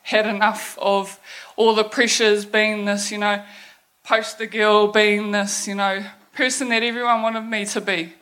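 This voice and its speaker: Young NZ woman, stage talk, blunt and profane, mid pitch, laughs through the story. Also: little pitch movement, a little slow, fairly bright tone. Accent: New Zealand. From New Zealand. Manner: blunt, swears freely, laughs while telling. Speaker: speaker telling her life story. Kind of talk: candid personal story talk. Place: event stage.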